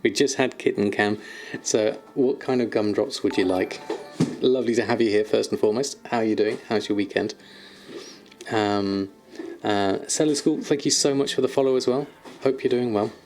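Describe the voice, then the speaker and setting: A man's voice: on the low side, moderate pace, a little mellow, faint music behind. A man streaming from home, chatting casually with viewers and cooing affectionately at his kittens, laughing often. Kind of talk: casual live-stream chat. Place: at home, indoors.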